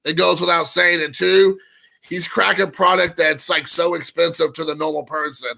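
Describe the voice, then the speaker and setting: A man's voice: on the high side, steady tone, normal speed, vocal fry, bright, forceful tone. A man hosting a casual live stream, rambling with lots of fillers and greeting viewers in chat. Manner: rambling, frequent fillers, reads chat aloud.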